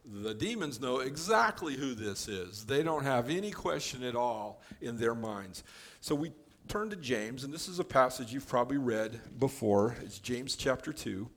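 A man giving a conversational Bible teaching, explaining verses in a relaxed way with offhand joking asides. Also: medium pitch, normal speed.

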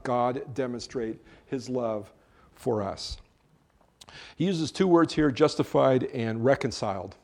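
Male pastor mid-sermon, mid-pitched, conversational and earnest with light asides. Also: a little mellow. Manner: conversational, joking asides between earnest preaching.

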